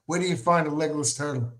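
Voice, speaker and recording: A man's voice: a little high, fairly bright tone. A man in a casual chat, cracking dry jokes as a sidekick.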